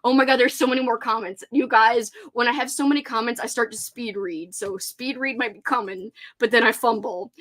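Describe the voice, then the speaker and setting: A woman's voice: fairly high pitch, brisk, hardly any pauses, a bit bright. A woman hosting a casual reading livestream, gushing and laughing often as she answers viewer comments. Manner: bubbly and gushing, laughs often, many "like" fillers.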